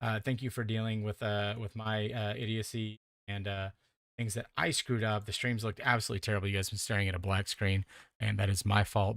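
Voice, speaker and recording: A man's voice: fairly low pitch, little pitch movement, fairly quick, creaky, fairly bright tone, dry recording, clean studio sound. A man hosting a sim racing broadcast, wrapping up the show in a rambling, self-deprecating way with many fillers. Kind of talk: casual closing commentary.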